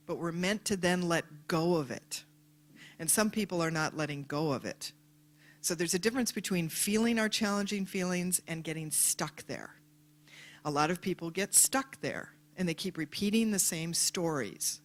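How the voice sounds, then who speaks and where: A woman giving a motivational talk to a live audience, telling stories and acting out the voices of people in them. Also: lowish voice. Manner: animated storyteller, acts out voices in quotes. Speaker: speaker.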